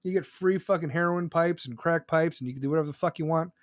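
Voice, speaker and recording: A man's voice: fairly high pitch, quick pace, dry recording, clean studio sound. A man ranting angrily and profanely, heated and sarcastic, saying he is still seething. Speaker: streamer ranting. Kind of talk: angry political rant.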